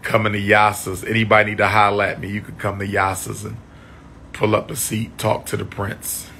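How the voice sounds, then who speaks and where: A man chatting on a livestream, losing his voice, repeating shout-outs to his viewers. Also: fairly low pitch, flat delivery, a little fast, vocal fry, slight background noise. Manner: repetitive, call-and-response shout-outs to viewers. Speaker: livestream host. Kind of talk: casual livestream chat.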